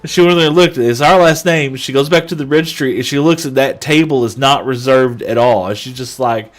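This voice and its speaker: A man's voice: medium pitch, brisk. Chatty male streamer telling a story. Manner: chatty, animated storyteller who talks to chat. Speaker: gaming livestreamer. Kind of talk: casual chat and storytelling while gaming.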